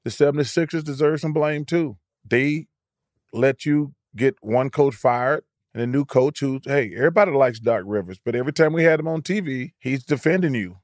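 A man's voice: mid-range voice, normal speed. Older male co-host, casual podcast chat, boisterous and outspoken, dry studio sound with no room echo. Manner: boisterous, laughs often, blunt opinions.

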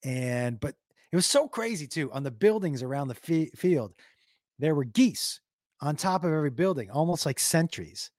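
In a slightly high voice at a moderate pace, a man streams to his chat as a comedian, reading messages and telling stories casually. He's animated and profane and makes silly noises, captured in clean studio sound without any room echo.

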